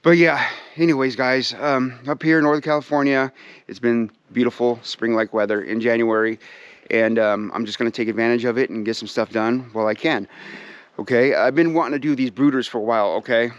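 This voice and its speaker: A man's voice: medium pitch, fairly even intonation, fairly quick, clean tone, no room sound, dull audio. Laid-back guy vlogging outside w his birds, mid voice, lots of um, keeps saying you guys. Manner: easygoing and folksy, many fillers, keeps addressing viewers as "you guys"; talks sweetly to his birds while walking around. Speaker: pheasant breeder and channel host. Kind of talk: casual rambling vlog chat. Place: outdoors at a backyard pheasantry.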